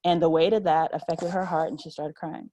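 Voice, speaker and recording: Low-voiced woman, earnest panelist. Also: fairly even intonation, brisk, dark tone, low-quality recording. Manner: earnest, acts out quoted voices. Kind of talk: roundtable discussion over video call. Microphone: video call.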